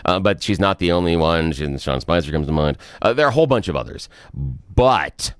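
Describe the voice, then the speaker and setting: A man with a lowish voice holds forth on a radio talk show. He speaks emphatically, exasperated and blunt. The sound is dry and close, with no room around it. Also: lively intonation, a little fast, clean tone, no echo. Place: radio studio.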